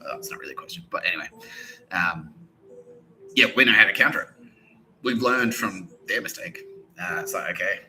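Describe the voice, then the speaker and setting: A man's voice: low-pitched, animated, fairly quick, pauses often, bright, forceful tone, a little hiss or hum, poor audio. A man hosting a podcast, rambling and laughing often, swearing and acting out quoted voices. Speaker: podcast host. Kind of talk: rambling monologue.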